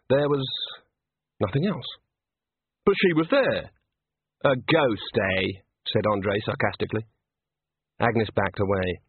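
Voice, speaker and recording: A man reading a novel aloud in measured, suspenseful narration. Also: mid-range voice, slightly rough. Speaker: audiobook narrator. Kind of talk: scripted narration. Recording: dry, tinny phone-like audio.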